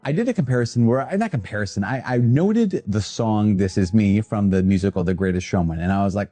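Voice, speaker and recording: A man, a priest, talking casually and animatedly to viewers in a video, quick to poke fun at himself. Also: lowish voice, faint music behind. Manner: animated, self-deprecating, talks to the viewer.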